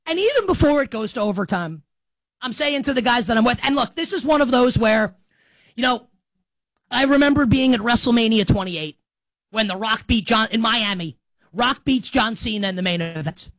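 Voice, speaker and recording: A man delivering an excitable, rambling sports monologue as show host, breaking into shouts. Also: very high voice, normal speed, no room sound, poor audio. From New York.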